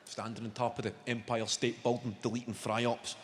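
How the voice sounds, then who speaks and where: A man with a Scottish accent doing a sweary, animated stand-up routine full of mock voices. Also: medium pitch, moderate pace. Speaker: stand-up comedian. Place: comedy venue with live audience. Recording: roomy live venue with loud audience noise.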